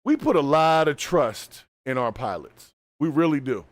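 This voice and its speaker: A man hosting a live stream, reacting to a video with casual, animated, colloquial commentary. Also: fairly high pitch, moderate pace, no echo, clean studio sound. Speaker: host.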